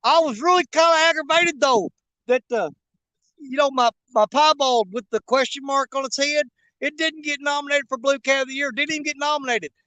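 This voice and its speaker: A fishing channel host talks casually from a riverbank while bank fishing, rambling along in a folksy way. His voice is very high, fairly quick and sharp in tone. The recording is dry and rough.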